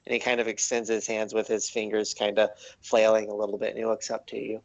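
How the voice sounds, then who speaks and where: A man narrating a tabletop game as game master, halting and full of ums and likes. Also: fairly low pitch, flat delivery, dull audio.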